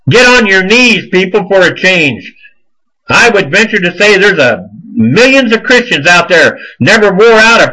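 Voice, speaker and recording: A man rants and scolds like a preacher on his own show. His voice sits high and leaps wildly up and down, with a bright, forceful edge that stays heated throughout. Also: poor audio. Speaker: show host. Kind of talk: fiery religious commentary monologue.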